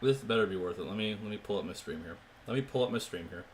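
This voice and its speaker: A young man livestreaming a racing game from his room, chatting and joking with his viewers in quick asides. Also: lowish voice, expressive, a little hiss or hum. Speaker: gaming streamer. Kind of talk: live stream chat and play-by-play. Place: home room. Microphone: desk mic with webcam.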